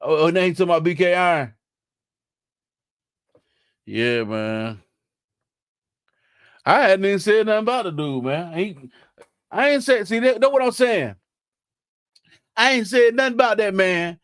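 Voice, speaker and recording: A man's voice: high voice, lively intonation, unhurried, pauses often, fairly bright tone, clear, resonant tone, dry recording, clean studio sound. A young man chatting casually on a live stream, laughing and teasing in slangy talk.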